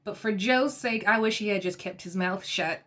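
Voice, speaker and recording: A woman giving a casual, animated recap of a reality show episode, exasperated and often laughing. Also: mid-range voice, normal speed.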